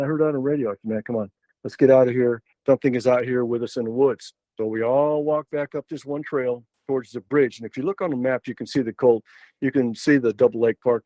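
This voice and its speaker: A man's voice: medium pitch, a little mellow, no echo, poor audio. An older man, a podcast guest telling a story in a loose, rambling way with many fillers and restarts. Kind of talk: casual storytelling.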